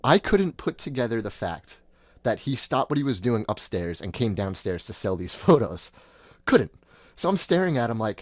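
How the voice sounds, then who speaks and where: A man's voice: medium pitch, moderate pace, no room sound, studio quality. A man in his thirties telling a long personal story in a casual, rambling way, often acting out what people said. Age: 30s. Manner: rambling, animated retelling with quoted voices. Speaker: podcast host.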